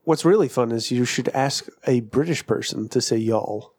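A man co-hosting a casual podcast, excitable and profane, often saying dude. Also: mid-range voice, normal speed, husky. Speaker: podcast co-host. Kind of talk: casual banter.

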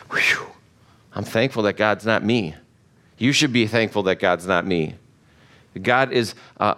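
A man's voice: medium pitch, fairly bright tone. A middle-aged man, a pastor, giving a conversational sermon and acting out quoted voices.

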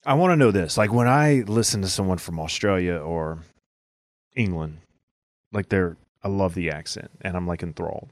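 Low-voiced man, rambling casual chat. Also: normal speed, no echo, clean studio sound. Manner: rambling, lots of "like" fillers. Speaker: podcast co-host.

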